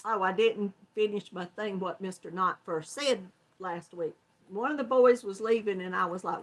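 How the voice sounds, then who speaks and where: A woman's voice: medium pitch, moderate pace. An older woman with a Southern American accent, hosting a casual crochet livestream and chatting folksily with viewers, often laughing. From Georgia, US South. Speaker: crochet channel host.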